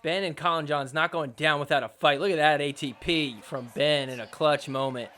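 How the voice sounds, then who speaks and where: High, bright-voiced excitable male podcaster. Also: moderate pace. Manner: excitable, joking, mock-outraged. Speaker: podcast host recapping matches. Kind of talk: casual sports recap commentary.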